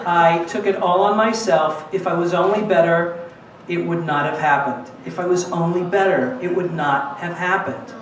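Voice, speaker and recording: A man's voice: high voice, fairly even intonation, moderate pace, hardly any pauses. A man telling a story on stage to a live audience, acting out other people's lines. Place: small cabaret club with an audience. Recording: echoey, distant room mic with audience noise. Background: audience laughter.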